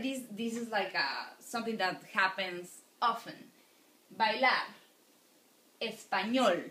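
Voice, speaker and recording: A woman's voice: fairly high pitch, fairly bright tone. A woman teaching a lecture, patiently repeating words for her students. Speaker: Spanish teacher. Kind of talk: recorded classroom lecture. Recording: echoey room.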